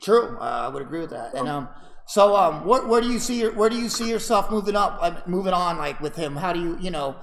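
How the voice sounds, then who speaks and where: A man's voice: high-pitched, lively intonation, fairly quick, low-quality recording. A man co-hosting a casual podcast interview, who eagerly steers the talk with questions. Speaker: podcast co-host.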